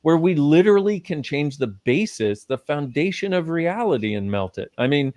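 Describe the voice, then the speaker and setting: This emphatic male guest speaker has a fairly high, darkish voice and is very animated at a moderate pace. Teaching live and conversationally, he swears casually and rattles off ideas, captured in a close, dry recording.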